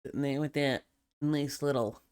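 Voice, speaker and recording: A woman's voice: very deep voice, steady tone, moderate pace, a little mellow, clean tone. A woman live streamer chatting casually and playfully to her audience. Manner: playful, chatty, reacts aloud.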